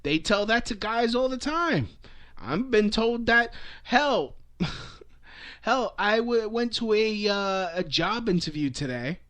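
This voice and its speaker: High pitched young dude on a sweary rambling rant, keeps restarting. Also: male voice, expressive, slow, a bit bright. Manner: rambling, swears often, frequent restarts and laughs. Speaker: vlogger. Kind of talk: profane comedic rant.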